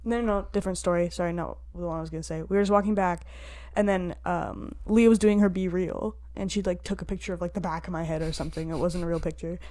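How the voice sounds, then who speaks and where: A woman's voice: fairly low pitch, fairly even intonation, fast talker, darkish tone. A young woman co-hosting a podcast, telling a story in casual chat with lots of fillers and acted-out quotes. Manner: chatty storytelling with many fillers, acts out quotes. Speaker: podcast co-host.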